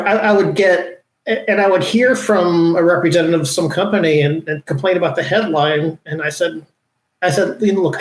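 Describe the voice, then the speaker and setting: A man with a somewhat high voice talks in a loose, halting way, stopping and restarting his thoughts with lots of fillers. He sounds like a podcast guest in a casual chat. His voice rings in an echoey room. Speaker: podcast guest, former business reporter.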